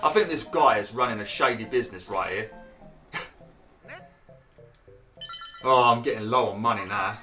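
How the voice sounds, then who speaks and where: A man's voice: moderate pace, long pauses, pushed and bright, soft background music. A young man commentating on his own gameplay in a chatty way, swearing and yelping when frustrated. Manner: bursts into high exclaims when annoyed. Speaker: gaming YouTuber. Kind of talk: Let's Play commentary.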